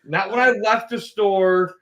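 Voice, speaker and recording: A man with a slightly high voice co-hosting a laid-back podcast. He rambles through his stories, restarting sentences and quoting back and forth as he goes. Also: steady tone, a little slow, fairly bright tone. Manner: rambling, restarts mid-story. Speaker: podcast co-host. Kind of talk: casual chat.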